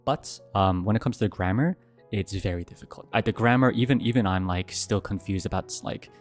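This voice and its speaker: Talking a little fast over soft background music, a young man hosts a casual Q&A livestream. He answers questions and tells lively stories, his voice leaping into high yelps whenever he describes fear.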